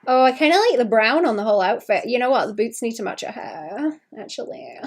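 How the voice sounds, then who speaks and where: A woman's voice: fairly high pitch, lively intonation, quick pace. A young woman streaming her sketching, chatting casually and thinking aloud with frequent giggles. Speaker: artist streaming while sketching. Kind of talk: casual livestream chat.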